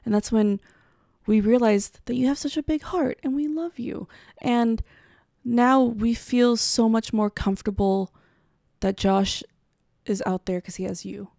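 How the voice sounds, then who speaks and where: A woman co-hosting a podcast, telling a story in casual chat, animated and swearing as she acts out quotes. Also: a little high, measured pace, gravelly, no room sound, clean studio sound. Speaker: podcast co-host.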